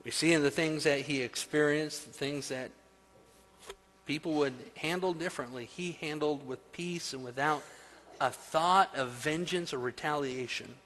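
Man preaching, high voice, loud emphatic swells, long hall reverb. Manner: swells loud for emphasis, then drops soft and slow. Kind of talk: sermon.

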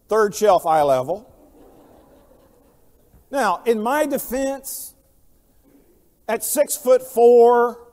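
A man preaching a sermon, telling stories and swinging between quiet, low passages and loud, emphatic lines. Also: big-room sound. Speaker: pastor.

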